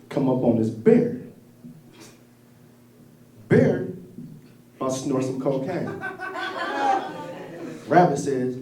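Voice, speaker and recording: A man's voice: mid-range voice, big pitch swings, slow, pauses often, warm tone. A man doing a stand-up set in a comedy club, profane and laughing at his own jokes. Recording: echoey room from far off, crowd.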